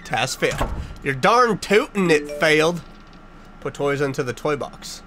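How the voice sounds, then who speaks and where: A man hosting a casual let's-play, joking sarcastically and blurting loud startled reactions. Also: a little high, expressive, a little slow, music in the background. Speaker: gaming channel host.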